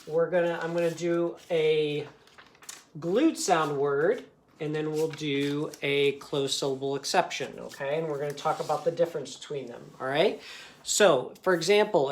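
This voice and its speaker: A man talks slowly and patiently through a phonics lesson for young students. He takes his time, sounds out each letter and word with care, and keeps checking in with a gentle "okay?" after almost every point. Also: a little high, a little hiss or hum. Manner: slow, patient, ends most sentences with a checking "okay?"; sounds out words and letters carefully. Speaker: teacher.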